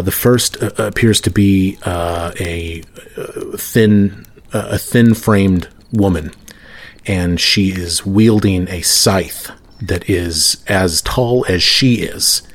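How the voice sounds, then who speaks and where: Game master, man, very low voice, husky, relaxed narration. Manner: easygoing, filler-heavy narration.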